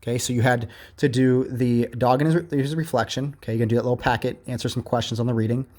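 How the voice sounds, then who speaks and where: A man's voice: medium pitch, fairly even intonation, a little mellow. Patient man teaching a grammar lesson. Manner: patient, slow and repetitive explanations with frequent "okay?" checks. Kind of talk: remote grammar lesson, reading aloud from a workbook.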